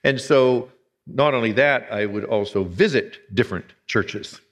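A man's voice: medium pitch, measured pace, in a large hall. A man in his sixties from Pennsylvania, a retired pastor preaching a sermon with folksy, humorous storytelling. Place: church sanctuary.

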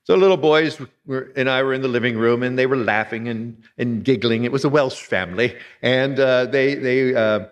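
A man's voice: medium pitch, moderate pace, few pauses. Older guy from pennsylvania giving a sermon, homey anecdotes, long church echo. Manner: folksy storytelling, humorous anecdotes. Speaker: guest preacher, retired pastor. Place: church sanctuary.

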